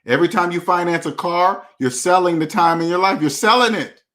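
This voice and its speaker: A man's voice: high-pitched, fairly even intonation, a little fast, fairly bright tone. A man hosting a personal finance channel, speaking in a blunt, slangy, preachy way and repeating his key phrases for emphasis. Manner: blunt, slangy street talk. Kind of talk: casual monologue to camera.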